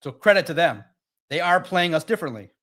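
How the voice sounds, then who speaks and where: Animated man hosting a sports live stream. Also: on the high side, fairly quick. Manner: animated, talks straight to chat viewers. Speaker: sports livestream host. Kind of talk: casual live-stream talk.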